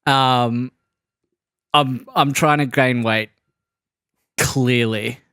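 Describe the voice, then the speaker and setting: A man co-hosting a podcast tells a story in an easygoing way and is quick to laugh. His voice is smooth and clear at a middle pitch. The recording is dry and close. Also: fairly even intonation, sharp tone, no echo. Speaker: podcast host. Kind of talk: casual chat.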